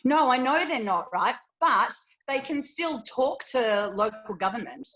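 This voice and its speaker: A woman chimes in on a casual panel, blunt and practical. She leans on fillers as she talks. Her voice is fairly high. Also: lively intonation, a little slow, a bit bright, lo-fi sound.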